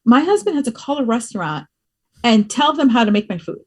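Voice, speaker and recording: A woman from the East Coast, guesting on a podcast, runs her own fitness business. Her voice is on the higher side and fairly quick, and she tells stories in an animated, expressive way, laughing as she talks through a casual conversational interview.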